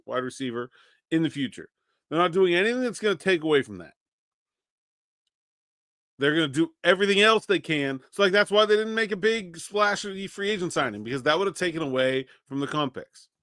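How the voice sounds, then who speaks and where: A man's voice: a little high, a bit bright, no echo, clean studio sound. A man hosting a daily solo sports podcast, talking conversationally and thinking aloud with frequent restarts. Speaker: podcast host.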